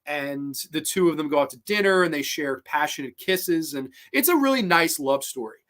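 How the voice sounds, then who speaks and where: Podcast host, casual rambling review, swears a lot, lots of fillers, baffled questions, mid-pitched voice. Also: expressive, normal speed, a bit bright. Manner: swears freely, thinks aloud with many fillers.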